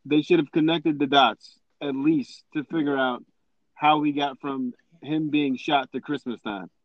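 A man's voice: a little high, fairly even intonation, a little slow, no room sound, highs cut off. Joking man in a casual podcast. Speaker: podcast co-host. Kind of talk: casual chat.

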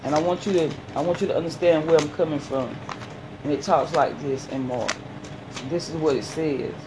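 A man preaching a sermon, reading scripture haltingly and then explaining it in plain, folksy words. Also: a little high, noisy background.

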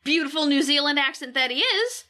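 A woman co-hosting a podcast, talking in a chatty, animated way. Her voice sits high and swings widely. Her tone is bright, and she swears casually. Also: a little fast. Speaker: podcast co-host. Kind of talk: casual chat.

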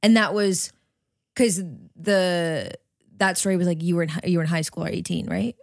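A woman in her twenties co-hosts a casual podcast chat in a mid-pitched voice, recorded dry and close. She is blunt and swears freely as she teases her guests. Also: fairly even intonation, normal speed, vocal fry, no room sound. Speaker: podcast co-host.

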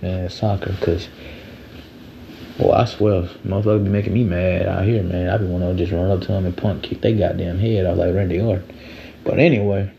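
A man's voice: on the low side, gravelly, darkish tone, highs cut off, a little hiss or hum. A man hosting a solo sports podcast, talking loosely and rambling, with lots of slang and swearing.

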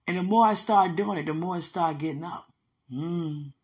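A woman's voice: on the low side, moderate pace, a little mellow. A woman preaching in an emphatic, conversational way, teaching from a dream with repeated phrases. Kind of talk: sermon-style teaching about a dream.

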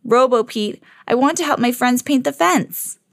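A woman's voice: on the high side, moderate pace, creaky, no echo, voice pushed up. An eager young cat , voiced by a woman reading aloud, chirps in a raised, bouncy voice. The sound is close and dry, like a reading at home. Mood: friendly.

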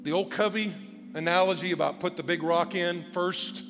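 Pastor guy preaching casual and animated, kinda high voice, big church reverb. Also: moderate pace. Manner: conversational, animated preaching with asides. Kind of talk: sermon. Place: church auditorium. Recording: long church hall reverb with faint music.

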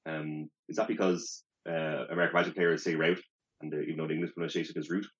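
A man in a casual card-game chat, telling stories in a quick, animated way. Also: rumbling low, slightly rough. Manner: quick, animated storytelling with laughs. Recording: dull lo-fi mic.

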